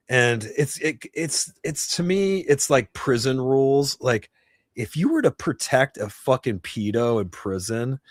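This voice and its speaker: A man's voice: medium pitch, dry recording, studio quality. A man in his fifties, originally from New Jersey, hosting a casual live Q&A stream. He talks bluntly and profanely, rambling with frequent restarts. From New Jersey, USA. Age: 50s. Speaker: host. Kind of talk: casual livestream Q&A chat. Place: home livestream setup.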